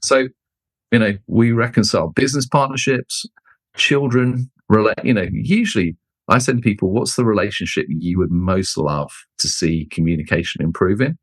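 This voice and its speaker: Lowish-voiced man, lively storyteller. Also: normal speed, dry recording. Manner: expressive, acts out quoted people with jumps in pitch. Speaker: guest, leadership author and speaker. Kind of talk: animated storytelling in conversation.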